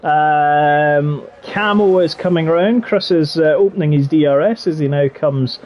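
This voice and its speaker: A man commentates a sim race live, tossing in playful quips. His voice sits high and bright in pitch. A light hiss of noise runs under the recording. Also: measured pace, lo-fi sound. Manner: chatty and jokey, with playful quips.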